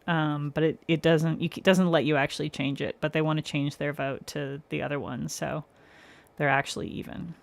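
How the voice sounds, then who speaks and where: A woman's voice: deep voice, steady tone, normal speed, creaky. A woman hosting a nail art livestream, chatting casually with viewers by name, laughing often and explaining her steps as she works. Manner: explains step by step while working. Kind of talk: casual live-stream chat.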